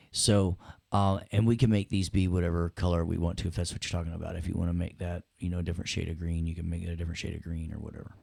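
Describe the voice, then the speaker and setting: Deep gravelly man teaching casually. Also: darkish tone, no room sound, clean studio sound. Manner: chatty, jokey, addresses students directly. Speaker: audio production instructor. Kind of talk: casual screen-share software lesson.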